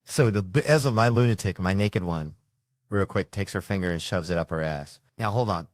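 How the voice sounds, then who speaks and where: Brash and profane, a middle-aged stand-up comedian acts out his kids' lines while telling crude stories about being a parent. He talks fairly quickly in a low voice, captured in clean studio sound without any echo.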